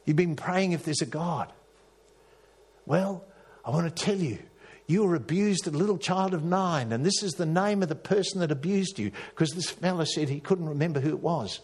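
A man preaching with a husky, slightly breathy voice, pitched a little above most men. He tells a story from the pulpit, climbing into emphatic peaks and then falling back into hushed, earnest tones. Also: normal speed. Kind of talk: sermon.

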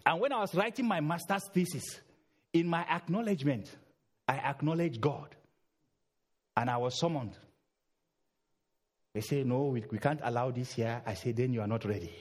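A middle-aged man preaching a sermon in a church, urging loudly, then dropping low. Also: normal speed, long pauses. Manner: emphatic, swings between loud urging and low murmurs.

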